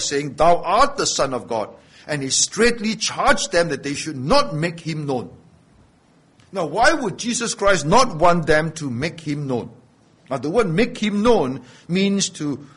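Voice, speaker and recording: A man's voice: high voice, fairly bright tone, breathy edge. A man preaching a sermon. He talks conversationally and rises to emphatic declarations. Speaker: pastor.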